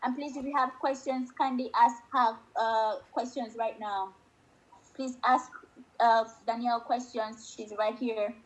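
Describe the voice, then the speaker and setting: High-voiced woman moderating a video call. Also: steady tone, unhurried, muffled recording. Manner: warm praise, fillers like "uh". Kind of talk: hosting a virtual session.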